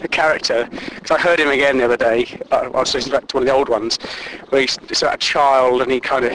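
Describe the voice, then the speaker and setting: A man's voice: mid-range voice, steady tone, fast talker, noisy background. A man rambling through a sweary comic monologue and chuckling at his own jokes.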